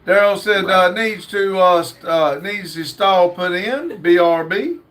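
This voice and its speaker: A man's voice: sits high, measured pace, a bit bright. A man hosting a casual livestream, reading viewer comments aloud with lots of fillers. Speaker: livestream host reading chat.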